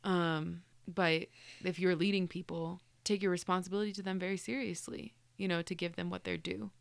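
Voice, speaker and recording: A woman's voice: on the low side, fairly even intonation, moderate pace, creaky, no room sound. A woman co-hosting a casual faith podcast, speaking in an earnest, reflective way. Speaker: podcast co-host.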